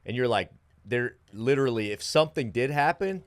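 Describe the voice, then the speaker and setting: A middle-aged man, a travel show host chatting as a podcast guest, animated, acting out the people he quotes. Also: mid-range voice, moderate pace, no echo, studio quality. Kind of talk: casual podcast chat.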